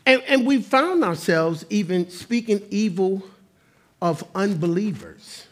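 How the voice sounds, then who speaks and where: A man delivers a sermon with a husky, slightly rough voice. He speaks high and keeps his pitch swinging widely, jumping from loud exclamations to hushed asides. His preaching stays conversational and humorous. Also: expressive, takes it slowly. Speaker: pastor.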